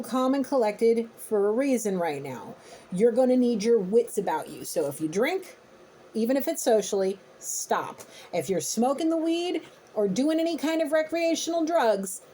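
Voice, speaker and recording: A woman's voice: on the high side, dark tone, a little hiss or hum. Blunt, emphatic intuitive reader woman. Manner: blunt, emphatic, casually profane. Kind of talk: spiritual reading addressed to viewers.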